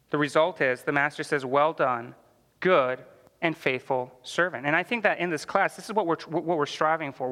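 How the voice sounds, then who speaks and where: A man's voice: fairly high pitch, bright, forceful tone, in a large hall. A man teaching a church Bible class in a conversational way, full of "like" fillers and questions to the class.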